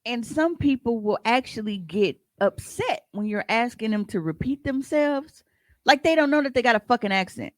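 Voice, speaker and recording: A podcast co-host telling stories in a casual, profane and animated way, often breaking into laughs. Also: mid-range voice, normal speed, dry recording. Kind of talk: casual storytelling chat.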